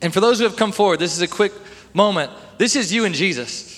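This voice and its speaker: A young man preaching a sermon in a church hall, animated and acting out Bible scenes in voices. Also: high-pitched, fast, a little hiss or hum. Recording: long hall reverb.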